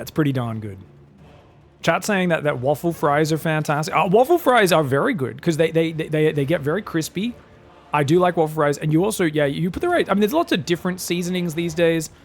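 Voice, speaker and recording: An Australian man with a slightly higher voice and a gravelly edge, chatting and joking through live esports commentary. He rambles casually between the game calls. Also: brisk. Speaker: esports caster.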